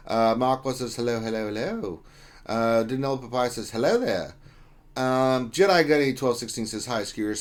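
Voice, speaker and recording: A man hosting a casual livestream, reading out chat names and greetings in a loose, joking way. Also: on the low side. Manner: reads chat names aloud, jokey and loose. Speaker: livestream host.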